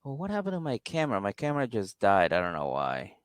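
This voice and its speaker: A man with a New York accent, co-hosting a podcast and recapping a reality show, laid-back and quick to react. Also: lowish voice, wildly swooping pitch, dry recording, low-quality recording. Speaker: podcast co-host.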